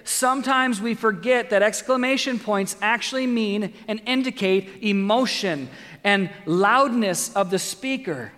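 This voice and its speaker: A man's voice: high-pitched, fairly bright tone, big-room sound. A man preaching a sermon as pastor, reading scripture dramatically and adding light jokes.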